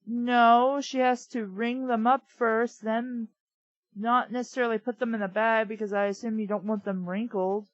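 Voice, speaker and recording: A woman's voice: on the high side, steady tone, moderate pace, no room sound, lo-fi sound. A woman co-hosting a comedy reading show, reading fanfiction aloud and riffing on it in a blunt, sarcastic way with plenty of swearing. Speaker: podcast co-host reading fanfiction.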